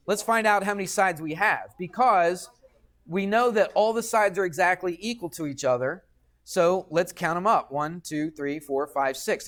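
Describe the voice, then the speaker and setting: A man's voice: high voice, expressive, moderate pace, a bit bright. Chatty male math teacher in class. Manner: patient, chatty, checks in with "okay?" often. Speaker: high school math teacher. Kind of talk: classroom lesson.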